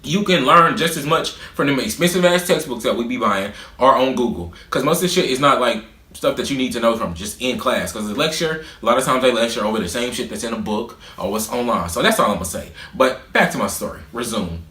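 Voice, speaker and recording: A young man in his twenties telling a storytime vlog, animated, profane and boastful. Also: mid-range voice, a little fast. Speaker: vlogger. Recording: roomy echo.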